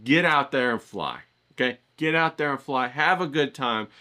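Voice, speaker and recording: A man's voice: mid-range voice, moderate pace, bright, forceful tone. A man giving a casual motivational pep talk to his viewers, hyped and coaxing, with slangy repeated phrases. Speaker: motivational vlogger.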